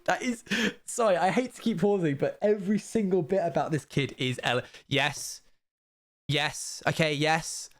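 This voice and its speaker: Streamer guy, slightly high voice, rambles and restarts a lot, dry humour. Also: normal speed. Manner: chatty, wry, rambling with frequent restarts. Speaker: streamer reacting to a video. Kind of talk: casual live-stream commentary.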